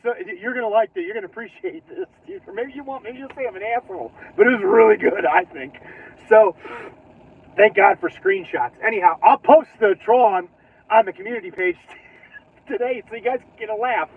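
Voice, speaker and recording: A man's voice: sits high, brisk, slight background noise. A man hosting his own channel, chatting casually and rambling from his car, laughing often and trailing off mid-sentence. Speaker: channel host. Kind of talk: casual driving vlog chat. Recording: tinny phone-like audio.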